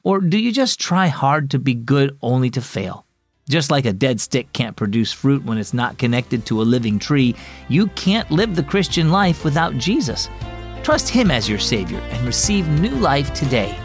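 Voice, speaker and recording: A man narrating a scripted Christian story for children in a clear, earnest, measured way. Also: medium pitch.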